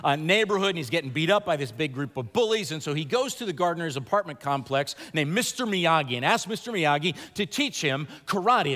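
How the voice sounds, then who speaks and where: A man preaching a sermon to an audience in a large chapel, moving from animated storytelling to quiet, earnest appeals. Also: on the high side, fairly quick, few pauses. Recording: long reverb of a large hall.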